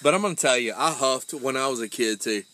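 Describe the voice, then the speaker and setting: A man's voice: mid-range voice, quick pace, bright, forceful tone, slight background noise, rough recording. A man in his forties hosting a casual chat, blunt and emphatic, swearing constantly. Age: 40s. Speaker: podcast host.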